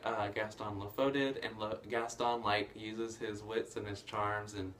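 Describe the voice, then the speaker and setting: A man's voice: lowish voice, moderate pace, a little hiss or hum. Chatty young man recapping a movie. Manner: rambling, many fillers, bursts of excitement. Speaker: movie reviewer. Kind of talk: casual plot recap.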